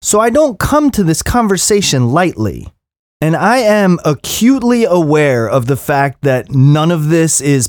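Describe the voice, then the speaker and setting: A man in his thirties with a somewhat high voice delivers a heated, profane rant. His pitch leaps and swoops with emphasis, and the recording is close and dry with no room sound. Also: dry recording. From Philadelphia area. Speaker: podcast host. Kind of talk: impassioned monologue.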